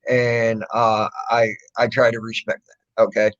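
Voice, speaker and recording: A man's voice: medium pitch, measured pace. A man telling stories in casual chat, acting out what people said to him. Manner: animated, quotes people in raised voices. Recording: dull lo-fi audio.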